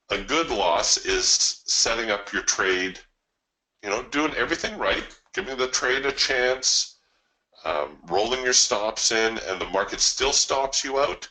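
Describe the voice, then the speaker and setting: In a poorly recorded live trading webinar, the host, a trading coach, explains his approach conversationally and tells stories. He has a lowish voice with a bright, forceful tone.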